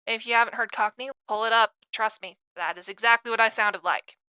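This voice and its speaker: A woman's voice: on the high side, fairly even intonation, fairly quick, bright, forceful tone, clean tone, no room sound, poor audio. A woman hosting a literary podcast, talking in an enthusiastic, self-deprecating way. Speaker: podcast host. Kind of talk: chatty podcast monologue.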